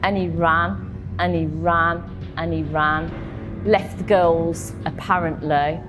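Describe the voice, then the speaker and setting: A woman tells her own story in an interview, halting and emotional, with frequent ums and repeated words. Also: on the low side, steady tone, over music. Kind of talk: personal testimony in an interview.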